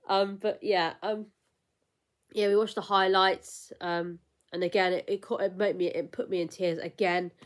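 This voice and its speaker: A woman's voice: medium pitch, flat delivery, a little slow. A young woman vlogger in casual chat, rambling and emotional, with lots of fillers and restarts.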